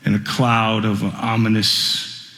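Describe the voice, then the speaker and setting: A man preaching a radio sermon, telling a story dramatically and building to impassioned, near-shouted passages. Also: fairly low pitch, level tone, slow, roomy sound, big-room sound.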